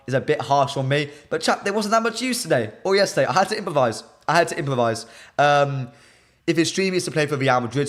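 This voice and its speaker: A young British man hosting a live stream, chatting casually and answering viewers' comments in lively banter. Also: mid-range voice. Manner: animated, reads chat comments aloud and banters with viewers.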